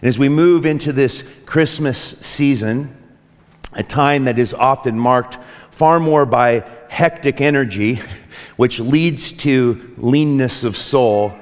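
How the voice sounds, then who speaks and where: Man, pastor, sermon, mid-pitched voice, earnest, long hall reverb. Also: takes it slowly. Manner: earnest, reflective, with frequent restarts and light joking. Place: church sanctuary.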